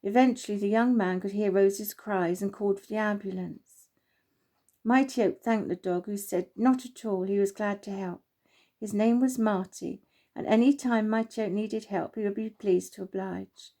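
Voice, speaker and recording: A woman gently reading her own children's story aloud, unhurried, with small slips. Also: mid-range voice.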